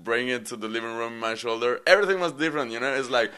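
Man, casual anecdote, animated, mid-pitch. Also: quick pace, smooth. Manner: animated storyteller, acting out quoted lines. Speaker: interviewee.

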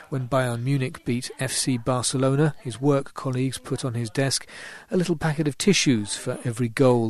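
A male reporter narrating a broadcast news report in measured, scripted tones. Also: medium pitch.

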